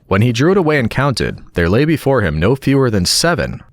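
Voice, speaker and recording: Low-voiced guy reading fairy tales, lively up and down, dry close sound. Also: a little fast, no room sound. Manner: calm, relaxing storyteller. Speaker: audiobook narrator. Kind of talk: storybook reading.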